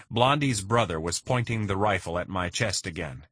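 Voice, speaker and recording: A man narrating a first-person crime thriller in a steady, measured reading. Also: low-pitched, slightly rough, no room sound. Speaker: audiobook narrator.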